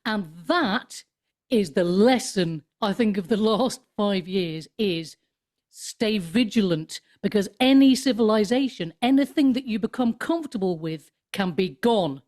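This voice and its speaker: A woman in her fifties, a comedian and author guesting on a podcast over a video call, talking in an animated way and slipping into mocking voices. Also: medium pitch, unhurried. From United Kingdom. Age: 50s. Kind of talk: casual conversation.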